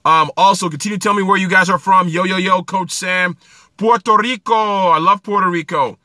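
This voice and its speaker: Bright-voiced upbeat man livestreaming. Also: high voice, fairly even intonation, moderate pace, dry recording. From New Jersey. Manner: upbeat, greets viewers by name, coaching tone. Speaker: livestream host. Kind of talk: casual livestream chat. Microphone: phone livestream.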